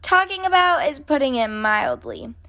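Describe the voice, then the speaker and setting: A woman reading as a storybook father bear, patient and dryly bemused by his cubs' latest craze. the delivery stays calm and even, close to a plain reading voice. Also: high-pitched, normal speed, voice pushed up, exaggerated voice. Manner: calm, dry, bewildered.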